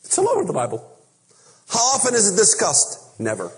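Animated preacher man in a reverberant hall. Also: sits high, fairly quick. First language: Arabic. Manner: emphatic, animated, rhetorical questions. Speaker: speaker on biblical prophecy. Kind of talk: preaching Bible lesson.

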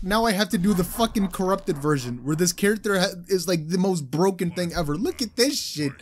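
A young man giving live commentary over a fighting game he is playing, excitable and swearing, swinging from low mutters to loud outbursts. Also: moderate pace, hardly any pauses, a little hiss or hum. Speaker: gaming channel host.

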